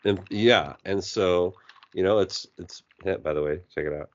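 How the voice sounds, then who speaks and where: A man's voice: deep voice, normal speed, a little hiss or hum. A man co-hosting a podcast, telling rambling stories in casual chat and swearing freely. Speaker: podcast co-host. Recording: dull lo-fi podcast audio.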